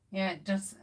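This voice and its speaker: This middle-aged craft channel host has a medium-pitched, darkish voice with a breathy edge. On her casual live stream she talks with viewers and reads their comments, peppering it all with ums.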